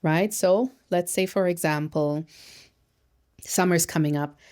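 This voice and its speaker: A woman with a slightly low voice gives an educational talk as a therapist and social worker. She is lively and emphatic, often posing rhetorical questions and acting out little quotes. Her delivery is direct and encouraging. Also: measured pace, clear, resonant tone. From Canada.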